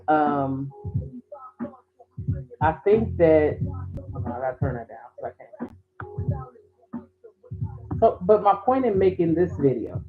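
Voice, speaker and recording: Rambling woman vlogger, tinny phone-like sound. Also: lowish voice. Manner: rambling, conversational, full of restarts. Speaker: YouTube commentator. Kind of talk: casual commentary vlog.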